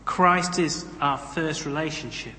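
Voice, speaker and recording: A man's voice: on the high side, a little slow, pushed and bright, a little hiss or hum. A man preaching a sermon in a conversational way, with humorous asides. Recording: echoey hall, roomy reverb.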